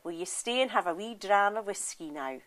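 Woman voicing a proud Scottish farmer dad, hearty, loud, lively storybook figure. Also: medium pitch, normal speed, lightly acted.

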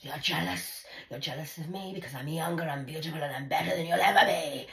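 A woman voicing her own furious young adult daughter, swearing and shouting with contempt. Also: deep voice, a little fast, echoey room, far from the mic, voice pushed up. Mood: spiteful.

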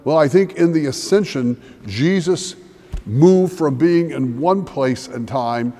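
A middle-aged man, a pastor, preaching a measured, reflective sermon in a church sanctuary. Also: a little high, expressive, dark tone. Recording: long church reverb.

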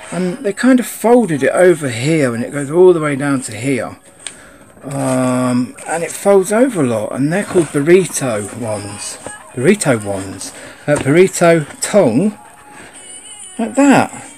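A man's voice: on the high side, a little mellow. A man giving a casual, rambling unboxing chat, grumbling and swearing at his camera. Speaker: sneaker vlogger.

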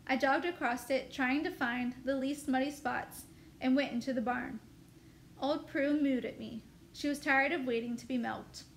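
A woman teacher reads a novel aloud with steady first-person storytelling. Her voice sits high, and a faint ambient noise runs underneath.

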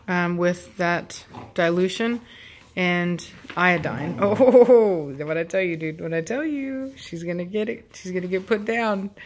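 Chatty woman filming her dogs. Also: lowish voice. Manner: chatty, amused, laughs often. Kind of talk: casual running commentary. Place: home with dogs playing nearby.

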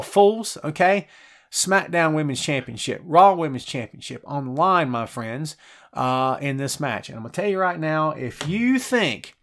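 A middle-aged man hosting a live show, reading out chat messages and wisecracking in an animated, conversational way. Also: a little high. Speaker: podcast host.

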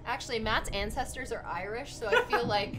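Brief: excitable woman game streamer, high and swooping voice, gushing, music playing behind her. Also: a little fast. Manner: gushing, excitable, often laughing. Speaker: gaming streamer. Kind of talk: casual gameplay chat. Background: background music.

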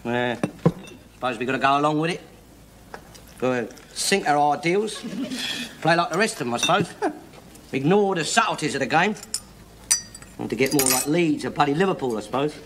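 An actor playing a blustering, opinionated older Cockney man in a 1970s sitcom, loud and full of swearing. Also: fairly high pitch, lively intonation, moderate pace, long pauses. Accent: London Cockney. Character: blustering bigoted older London working man. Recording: old TV recording with hiss.

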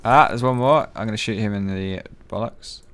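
A man giving profane, excitable, joking let's-play commentary. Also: fairly low pitch, moderate pace. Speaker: gaming channel host.

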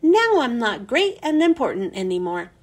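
Woman reader as earnest schoolboy who wants to look important; high, lively, unhurried storybook voice.

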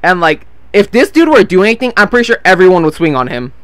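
A man's voice: high-pitched, sing-song, quick pace, smooth, no room sound. A nineteen-year-old man telling a long story in a casual, rambling way while playing a game, swearing freely and losing track of names. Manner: rambling, swears freely, loses his train of thought. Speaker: gameplay vlogger. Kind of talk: casual storytelling over gameplay.

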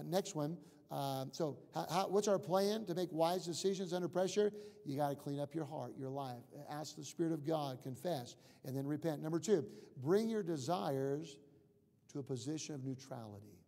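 A man preaching from the pulpit, his voice a touch higher than most men's yet mellow and soft-edged. He repeats key points and sinks low and quiet for prayers, and the long tail of a church hall trails behind every phrase. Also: expressive, moderate pace, vocal fry. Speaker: pastor. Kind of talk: sermon. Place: church sanctuary.

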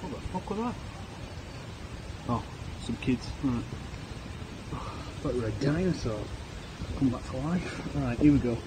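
A man's voice: medium pitch, lively intonation, a little slow, pauses often. A man giving a jokey, sweary running commentary to his dog while he builds a snowman outside on a snowy street. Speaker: podcast co-host. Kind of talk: casual vlog. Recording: outdoor camera audio with ambient noise. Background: outdoor ambience and a barking dog.

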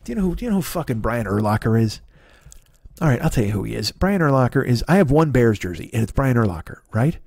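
Man in his fifties, comedy podcast host, swearing, rambling, lively pitch swings, dry close sound. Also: quick pace, creaky, breathy edge, dry recording. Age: 50s. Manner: profane, rambling, sarcastic rant. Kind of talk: solo comedic monologue.

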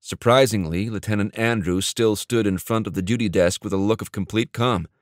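An audiobook narrator with a fairly low-pitched male voice reads scripted fiction in a measured storytelling manner. The recording is dry and has clean studio sound.

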